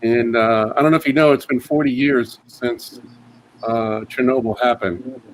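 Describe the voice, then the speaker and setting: A man doing a casual stand-up set at a comedy round table, with many fillers and sudden high put-on voices for his bits. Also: fairly even intonation, moderate pace, a little hiss or hum, low-quality recording.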